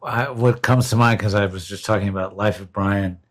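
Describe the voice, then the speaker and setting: Low-voiced man telling an amused anecdote. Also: fairly even intonation, a little fast. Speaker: interview guest. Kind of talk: casual interview talk.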